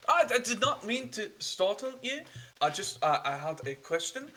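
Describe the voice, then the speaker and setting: A man's voice: high voice, very animated, bright, forceful tone, voice pushed up, exaggerated voice. A man voicing a polite young male traveler, cold from a long journey, who speaks in broken sentences. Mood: polite, startled. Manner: halting, hesitant, apologetic.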